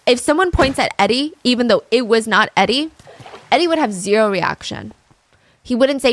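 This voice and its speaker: A woman's voice: fairly high pitch, lively intonation, moderate pace, dry recording. A young woman casually telling a true crime story over gameplay, with lots of "like" and "I mean" asides.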